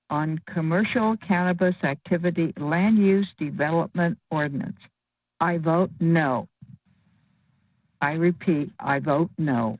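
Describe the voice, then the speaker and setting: A woman's voice: low-pitched, dry recording. A woman phoning in a brief, plain public comment, repeating her vote. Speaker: caller giving public comment. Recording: dry tinny phone line.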